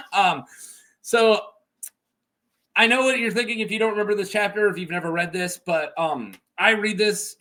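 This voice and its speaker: A man hosting a lore video, retelling a story in a casual, animated and chatty way and laughing often. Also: high voice.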